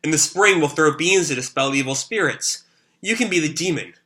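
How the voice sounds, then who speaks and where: A man with a sore throat reading a manga aloud, lightly voicing a gentle, hopeful young mother in a soft, lilting voice. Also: fairly high pitch, lively intonation, brisk. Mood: tender.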